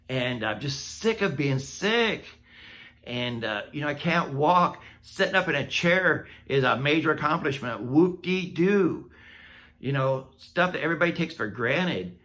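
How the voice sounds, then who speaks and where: Bright-voiced man telling a candid story. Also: mid-range voice. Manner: candid and self-mocking, laughing at his own misery. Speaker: vlogger. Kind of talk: casual personal storytelling.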